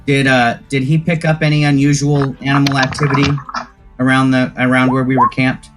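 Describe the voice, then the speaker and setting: Man, tabletop player, casual and hesitant, mid-pitched. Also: level tone, brisk, loud music behind the voice. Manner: thoughtful, hesitant with fillers.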